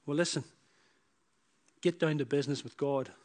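A man's voice: fairly high pitch, moderate pace, darkish tone. A man preaching a sermon, building emphatic repeated phrases that rise in force. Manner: emphatic, repetitive preaching with rising bursts.

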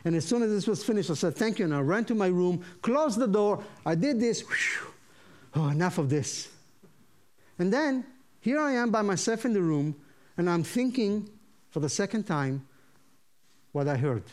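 Animated high-voiced preacher. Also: male voice, moderate pace. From Israel. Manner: animated, acts out the voices in his story. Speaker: preacher sharing his testimony. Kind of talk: sermon testimony.

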